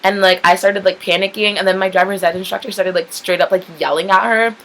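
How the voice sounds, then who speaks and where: A young adult woman vlogs a story in a chatty, rambling way, saying "like" constantly and swearing candidly. Her medium-pitched voice is quick, fairly even in intonation and a bit bright, though the audio quality is poor.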